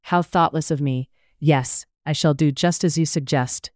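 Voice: medium pitch, a little slow, no room sound, clean studio sound, natural voice. Narrator voicing a saccharine, fawning young lady. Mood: demure. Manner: saccharine, gushing. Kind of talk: audiobook character reading.

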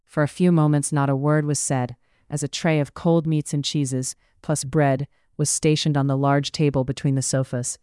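A narrator reading a period romance story aloud in a steady, measured way. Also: medium pitch, clean tone, dry recording, studio quality.

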